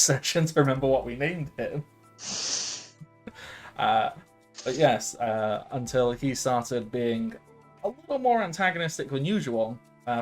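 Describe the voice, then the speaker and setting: Rambling late-twenties male game master. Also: mid-range voice. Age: late 20s. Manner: rambling, many filler sounds, laughs often. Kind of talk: casual tabletop game narration.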